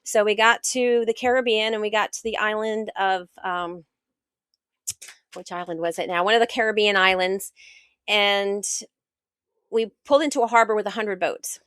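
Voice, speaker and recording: An American woman, middle-aged, a guest author and sailor telling her story in a casual interview, animated and acting out what others said. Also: mid-range voice, normal speed, clear, resonant tone, dry recording. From United States. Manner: animated, acts out quoted dialogue.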